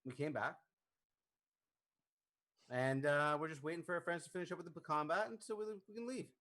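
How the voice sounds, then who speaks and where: A man's voice: a little high, brisk. A man playing a tabletop game, joking and talking casually in character. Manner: animated, joking. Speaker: player.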